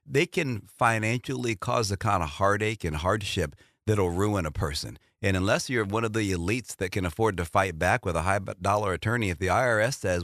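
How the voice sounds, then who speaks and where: Panelist, man, earnest, low voice, dry. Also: brisk, few pauses, a bit bright, dry recording. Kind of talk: talk radio discussion.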